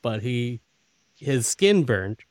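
A man's voice: mid-range voice, sing-song, slow pace, dry recording, studio quality. A man co-hosting a podcast, chuckling and adding details in loose, run-on sentences while recapping an episode. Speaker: podcast co-host. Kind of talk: casual episode recap chat.

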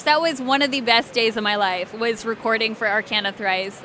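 A woman's voice: on the high side, steady tone, moderate pace, very noisy. A woman from Alabama, chatting in an interview as a voice actress, bubbly and often giggling. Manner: bubbly and giggly, many fillers. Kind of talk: casual interview chat.

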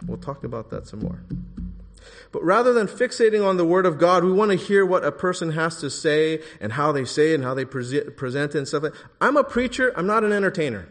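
A male preacher delivering a sermon with emphatic, rising delivery that pushes hard on key phrases. His voice sits somewhat high for a man, and it rings out with a long reverb, as in a church sanctuary. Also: lively intonation, brisk.

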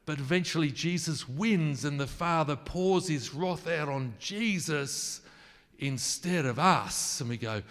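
A mid-range, slightly bright male voice with lively intonation preaches at normal speed, keeping it conversational as he asks the congregation questions and jokes about his wording. A long reverb tail follows.

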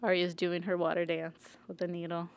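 Woman recapping a show with a buddy, smooth clear voice, acts out the bits, laughs a lot. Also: lowish voice, moderate pace, no echo. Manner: animated storyteller, acts out characters, laughs often. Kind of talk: casual TV recap chat.

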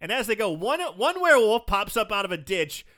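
This man has a high, bright voice that swings up and down a lot. He retells film scenes casually, swears freely and laughs as he goes. It is a loose, animated hosting style. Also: fairly quick. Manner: animated, profane, laughing storyteller. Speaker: podcast host. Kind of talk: casual chat.

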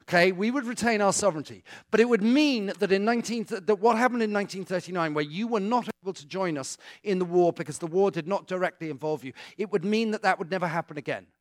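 A British guest speaker with a high-pitched voice talks fast, barely pausing, in studio-quality audio with no room sound. He gives a chatty, joking church talk to a congregation, tossing asides to the audience and taking questions.

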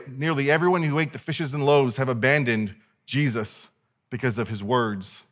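A male pastor delivering a sermon in a lively, conversational way. He jokes with his listeners and acts out the people in the story. His voice sits at a middle pitch for a man. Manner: animated, conversational preaching with playful asides.

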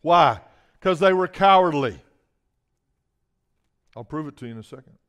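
His voice sits a little high and sounds smooth, with lively intonation and a normal speed. In his sermon, he shifts between soft asides and loud bursts of emphasis, calling out for the congregation's response.

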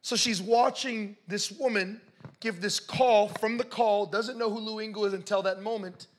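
A man telling a story in a sermon, passionate and building to shouts as he preaches. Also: sits high, fairly even intonation, moderate pace.

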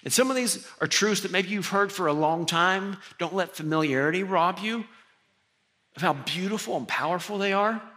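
A middle-aged male pastor preaching a sermon, telling a personal story with animated, self-deprecating humor. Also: high-pitched, moderate pace.

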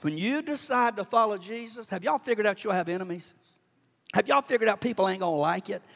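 Southern US pastor, high gravelly voice, folksy fervent sermon, long echo of a church hall. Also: male voice, fairly quick, fairly bright tone. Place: church sanctuary.

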